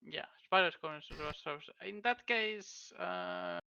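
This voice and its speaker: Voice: mid-range voice, wildly swooping pitch, measured pace, creaky, sharp tone, clear, resonant tone, no room sound. A player at a tabletop game, thinking aloud tentatively. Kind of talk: casual chat at a tabletop game. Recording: dull, dry, lo-fi sound.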